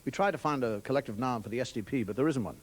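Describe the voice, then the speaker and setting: A man telling stand-up comedy, wry storytelling that slips into quick put-on voices for the people he quotes. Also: mid-range voice. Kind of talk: stand-up monologue. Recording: TV studio with audience laughter and noise. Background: audience laughing.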